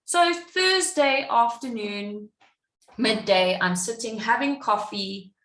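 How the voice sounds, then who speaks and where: A woman's voice: a little high, slow pace, reverberant. A woman guest on a podcast, telling a personal story in casual chat and acting out what other people said. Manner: animated, acts out what others said. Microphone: podcast microphone.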